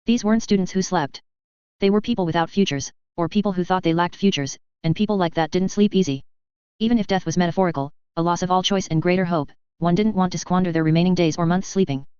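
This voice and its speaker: A woman reading a first-person audiobook narration at an even, measured pace. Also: fairly low pitch, clean tone, no room sound, dull audio.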